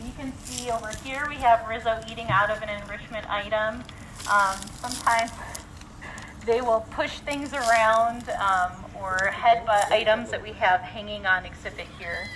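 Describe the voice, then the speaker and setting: A woman's voice: on the high side, steady tone, normal speed, a bit bright, a little hiss or hum, rough recording. Woman zookeeper explaining outdoors, frequent ums. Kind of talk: live educational talk. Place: outdoors at goat exhibit.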